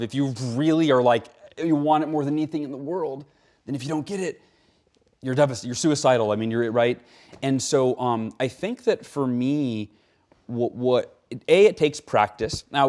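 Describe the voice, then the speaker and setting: A middle-aged man, a keynote speaker, talking in an interview in an animated, emphatic way. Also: mid-range voice. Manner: animated, emphatic, frequent "right?". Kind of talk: conversational interview talk.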